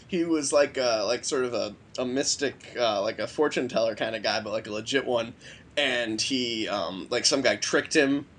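A man in a laid-back podcast chat, retelling a story with lots of "like" and "uh" as he gathers his thoughts. His pitch is ordinary, in the middle range. A faint low rumble sits under the voice. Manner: loose, hesitant storytelling with many "like"s. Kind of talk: casual chat about comics.

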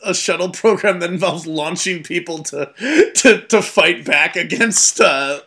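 Young male podcast host, higher voice, casual and giggly, animated storytelling. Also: a little slow, over a noisy crowd. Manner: laughs often, animated impressions. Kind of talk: casual movie chat.

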